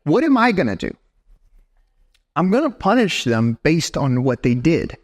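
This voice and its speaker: Animated high-voiced male preacher. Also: measured pace. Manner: animated preaching, talks straight to the congregation with frequent "right?". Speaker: pastor. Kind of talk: sermon. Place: church sanctuary.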